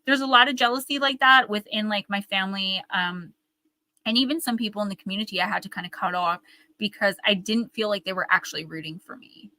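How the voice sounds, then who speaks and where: Woman, live oracle reader, earnest and encouraging; crisp bright voice, dry close sound. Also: mid-range voice, brisk, dry recording, low-quality recording. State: tearing up.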